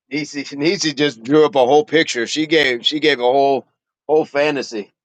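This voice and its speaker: A man's voice: a little high, steady tone, moderate pace, no echo, muffled recording. Chatty man hosting a fitness livestream. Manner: chatty and playful, laughs often, repeats phrases. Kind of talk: casual livestream chat, reading viewer comments aloud.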